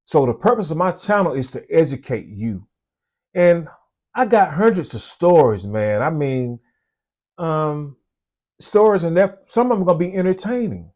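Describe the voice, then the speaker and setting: A police officer with a Southern US accent hosts his own channel, speaking to the camera in a casual, folksy, conversational way and repeating his points. His voice is on the high side, expressive and a little mellow, at a normal speed.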